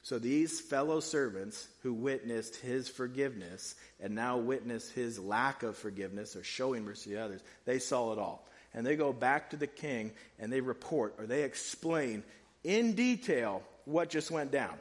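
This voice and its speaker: A man preaching a sermon in a casual, animated way, using slang. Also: medium pitch, normal speed, in a large hall. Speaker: pastor.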